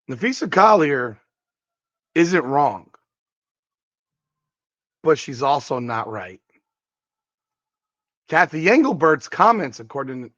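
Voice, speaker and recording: A man's voice: medium pitch, fairly bright tone, no echo, lo-fi sound. A man hosting a podcast, giving emphatic sports commentary on a clip and repeating his points for weight. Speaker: podcast host.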